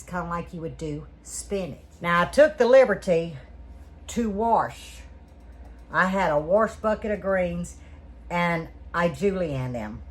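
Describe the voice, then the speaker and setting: A woman hosting a folksy, chatty kitchen demonstration, checking in with her viewers as she works. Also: fairly low pitch. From Louisiana. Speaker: home canning cook, channel host. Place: home kitchen.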